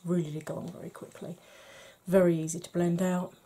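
A woman's voice: fairly low pitch, little pitch movement, brisk, background noise. A middle-aged woman chatting frankly to camera in a makeup review, slipping into a half-whisper while she blends and cracking dry jokes. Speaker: beauty vlogger.

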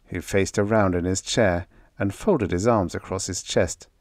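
A man narrating a vintage science fiction story in a measured, expressive storytelling style. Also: sits low, no room sound, studio quality. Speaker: audiobook narrator.

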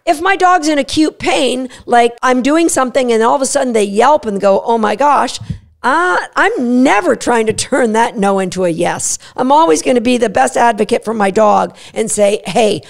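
A woman hosting a podcast on dog training, talking energetically and acting out the dog's voice in quick asides. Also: a little high, vocal fry. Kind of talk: solo podcast teaching.

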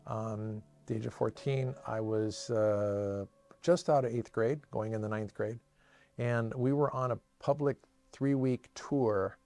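Gravelly-voiced man recalling his past. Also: fairly low pitch, steady tone. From Washington State, USA. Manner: earnest, reflective, halting with frequent restarts. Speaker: storyteller sharing his life story. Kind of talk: personal testimony told from memory. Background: soft cinematic music.

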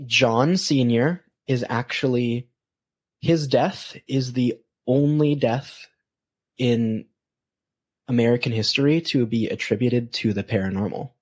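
A man's voice: medium pitch, slow, darkish tone. A man hosting a podcast, telling a story casually with many hesitations. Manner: hesitant, many ums and restarts. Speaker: podcast host.

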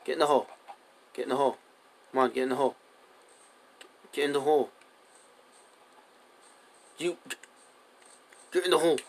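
A man's voice: medium pitch, fairly even intonation, moderate pace, gravelly, pauses often. A young man talking through his survival game in a loose, rambling way. He keeps coaxing animals along with the same commands over and over, in an ordinary mid-range voice. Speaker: gaming video host. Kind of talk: casual gameplay commentary.

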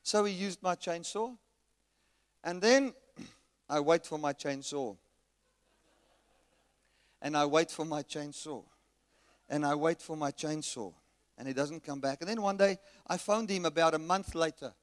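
Male guest preacher, high voice, story-driven delivery, live hall reverb. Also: moderate pace. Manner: storytelling, rising to shouts when reenacting anger. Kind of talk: sermon with anecdote. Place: resort hall at a church camp. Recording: long reverb of a large hall.

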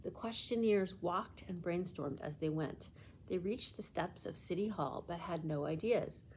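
Librarian narrator: a woman reading a children's chapter book aloud, gentle and clear. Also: fairly low pitch, a little slow, a little hiss or hum.

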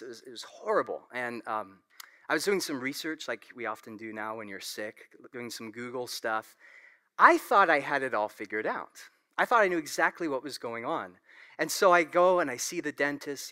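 A man preaching a sermon as a pastor, telling stories in an animated way with quick laughs and asides to the congregation. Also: a little high. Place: church sanctuary.

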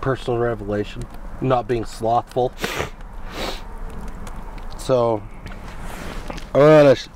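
Man, mid-pitched voice, casual religious chat, halting, dry asides, outdoors, faint traffic noise. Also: far from the mic. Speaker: podcast co-host.

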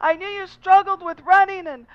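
A woman preacher voicing a sympathetic male pastor who apologizes slowly and earnestly. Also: extremely high pitch, steady tone, pitched above the performer's own voice. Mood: apologetic. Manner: slow, pleading, raised voice. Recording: slightly dull lo-fi recording.

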